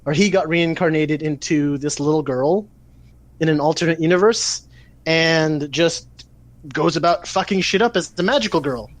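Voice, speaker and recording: A man with a somewhat high voice, chatting on a podcast and telling a story with lots of energy and cursing. He sounds close and dry on the mic, with no room around him. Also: moderate pace, dry recording. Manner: animated, swearing storyteller. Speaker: podcast co-host. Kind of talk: casual chat, retelling an anime plot.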